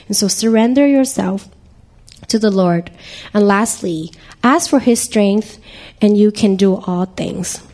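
A woman with a slightly hoarse voice giving an earnest church testimony in halting, urging listeners to live their faith all week. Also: mid-range voice, mellow.

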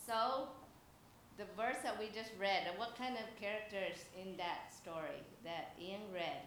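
A woman's voice: mid-range voice, measured pace, fairly bright tone, a little hiss or hum. A woman giving a children's message at church, telling a story with chatty asides, frequent laughs and questions to the audience. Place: church hall. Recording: echoey church hall, faint ambience.

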